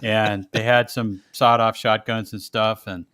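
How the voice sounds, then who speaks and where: A man's voice: on the low side, a little slow, clear, resonant tone, no echo. Chatty man telling stories, dry sound. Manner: animated storyteller, laughs often, puts on voices in quotes. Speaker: podcast host. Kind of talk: casual storytelling chat.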